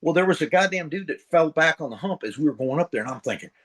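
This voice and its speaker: A middle-aged man from the central United States, a retired Marine sergeant major, tells war stories in a casual interview, rambling, blunt and profane, and voicing sound effects. His voice is on the high side, fairly bright, fast and lively in intonation, on a rough recording.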